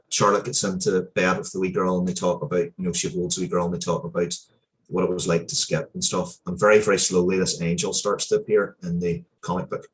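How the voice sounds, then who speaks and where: A man telling a story as an interview guest, earnest and heartfelt, often pausing and restarting his sentences. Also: deep voice, fairly bright tone. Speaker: interview guest, comic book writer.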